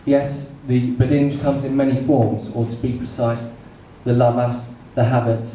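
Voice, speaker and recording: Stand-up comic in an echoey room. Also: male voice, mid-range voice, level tone, warm tone. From England. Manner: storytelling with comic pauses. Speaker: stand-up comedian. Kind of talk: stand-up comedy set. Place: comedy club stage in front of an audience. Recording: echoey room, mic far off, noisy.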